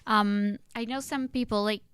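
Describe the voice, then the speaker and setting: A woman chatting as a podcast guest, rambling and full of fillers, a little worn out from the late hour. Her voice is smooth and clear, sitting in a dry, close sound with no room to it. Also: medium pitch, fairly even intonation, moderate pace, fairly bright tone, dry recording. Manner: rambling, filler-heavy, many "like"s. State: tired late at night. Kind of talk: casual chat.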